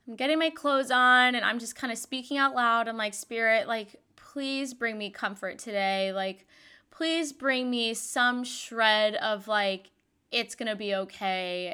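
A woman's voice: on the high side, sharp tone, clear, resonant tone. A young woman hosting a podcast, telling a personal story in a chatty way full of "like" fillers. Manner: chatty, frequent "like" fillers, yawns and laughs. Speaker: podcast host. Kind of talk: casual storytelling monologue.

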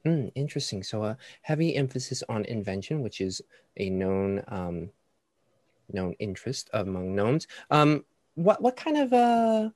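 A man's voice: lowish voice, big pitch swings, unhurried, a little mellow, no room sound. A man voicing a fussy, bookish woman scholar with a prim put-on British accent who asks eager questions. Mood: inquisitive.

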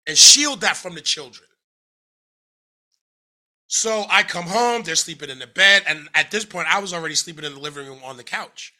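Bright-voiced man telling his story. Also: on the high side. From United States. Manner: conversational, frequent fillers and self-corrections, acts out quoted speech. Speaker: interview guest. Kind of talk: candid personal storytelling.

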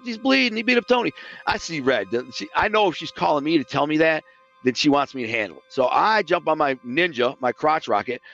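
A streetwise man tells tough stories from his past in a casual, profane way, slipping into the voices of the people he quotes. His voice sits a little high for a man. The recording is slightly dull and muffled, with faint music underneath. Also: a bit bright. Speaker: guest recounting his past. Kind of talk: casual storytelling.

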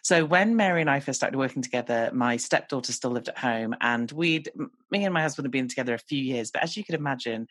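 A woman's voice: very deep voice, fast, husky, no echo. A woman hosting a podcast, telling personal stories in a candid way and laughing easily. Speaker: podcast host. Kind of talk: casual conversation.

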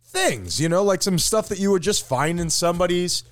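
Lively, playful male podcast co-host. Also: normal speed. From Florida, USA. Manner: playful, mock-grandiose, lively pitch swings. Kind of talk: casual comedic chat.

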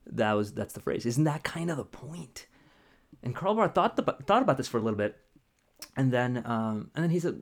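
Lively, casual male storyteller. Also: mid-range voice, fairly quick. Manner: casual and lively, laughs while telling stories. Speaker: podcast co-host. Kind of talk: casual storytelling on a faith podcast.

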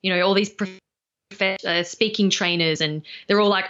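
Bright-voiced woman on a dull line. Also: on the low side, steady tone. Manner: confident, emphatic, quick to laugh. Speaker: speaking trainer, podcast guest. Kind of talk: casual conversational interview. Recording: dull, lo-fi sound.

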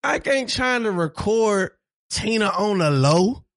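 A man's voice: high voice, expressive, takes it slowly, dry recording, studio quality. A man co-hosting a casual podcast chat, heated and profane, repeating his points for emphasis. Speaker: podcast co-host.

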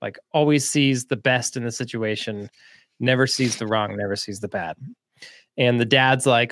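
A man co-hosting a podcast, telling a story in a relaxed, chatty way, with frequent laughs and fillers. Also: mid-range voice, no room sound. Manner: laid-back, laughs often, quick bursts with lots of fillers. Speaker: podcast co-host. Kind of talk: casual storytelling chat.

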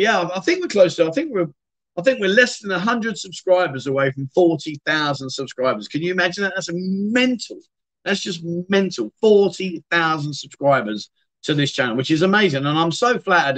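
Chatty middle-aged man, fairly high voice. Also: fairly quick, a bit bright. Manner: rambling, chatty, answers viewers' comments as he reads them. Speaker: livestream host. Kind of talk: casual live-stream chat.

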